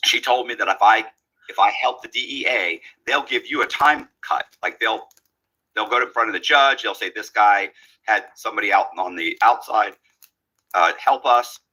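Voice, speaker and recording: A man's voice: lowish voice, normal speed, breathy edge, low-quality recording. A man telling a long story in a casual way, acting out the lines of the people in it. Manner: animated, acts out quoted dialogue.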